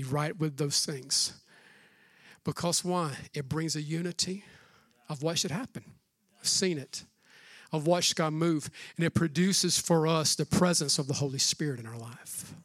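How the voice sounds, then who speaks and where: Bright, high-voiced energetic male pastor. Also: no room sound. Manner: casual and energetic, with slangy asides. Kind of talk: sermon.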